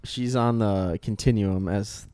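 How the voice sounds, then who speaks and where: A man's voice: on the low side, fairly even intonation, unhurried, warm tone, dry recording, studio quality. A young man chatting casually, rambling through stories and filling his speech with likes. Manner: rambling storyteller, lots of "like". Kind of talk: casual chat.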